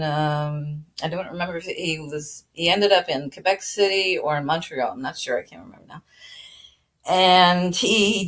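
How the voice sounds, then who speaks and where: Woman host, low voice, relaxed rambling history chat with fillers and chuckles. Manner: rambling, many fillers and restarts; chuckles now and then while talking. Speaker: channel host. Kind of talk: casual spoken history talk.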